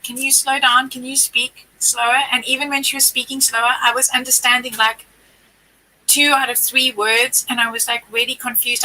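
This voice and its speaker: Woman, high pitch, very bright sharp tone, wry storyteller, casual chat. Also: poor audio.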